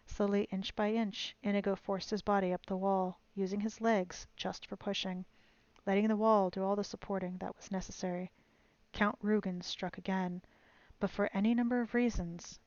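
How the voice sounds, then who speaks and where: A woman's voice: medium pitch, dry recording, lo-fi sound. A woman streamer reading a novel aloud in a dramatic storytelling manner from home. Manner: dramatic storytelling, loud at fight scenes.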